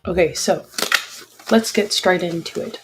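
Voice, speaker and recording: A woman's voice: fairly low pitch, unhurried, noisy background. A woman hosting a casual livestream, talking frankly and chattily with apologetic asides to her listeners. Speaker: podcast host.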